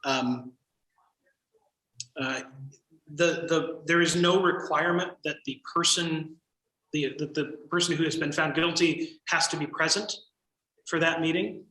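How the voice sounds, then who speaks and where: A man leading a church training session, explaining procedure in a measured, thoughtful way with frequent pauses. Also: fairly high pitch, steady tone, sharp tone, roomy sound, rough recording.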